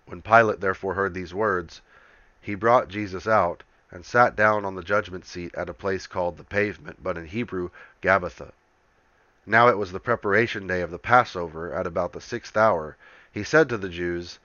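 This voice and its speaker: Male scripture reader, solemn and measured, lowish bright voice, dry, slightly dull recording. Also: dry recording.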